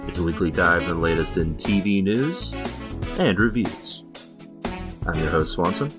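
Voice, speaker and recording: A man's voice: low voice, animated, measured pace, music in the background. A man hosting a casual comedy podcast about television, joking and laughing often with his co-hosts. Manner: jokey, laughs often, trailer-voice intro. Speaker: podcast host.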